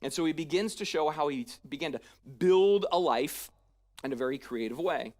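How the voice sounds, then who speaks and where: Pastor preaching in church, mid pitch, chatty, keeps saying "right?" and acting stuff out. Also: moderate pace. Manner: conversational, often checking in with "right?"; acts out paraphrased lines in a lively, casual voice. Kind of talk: sermon.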